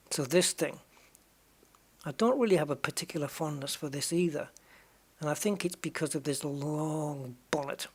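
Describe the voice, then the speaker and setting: A man's voice: on the high side, gravelly, breathy edge. A man hosting a gaming channel, chatting casually and rambling over a racing game, often trailing off and correcting himself. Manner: rambling, musing and self-correcting. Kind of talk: casual commentary while playing a racing game.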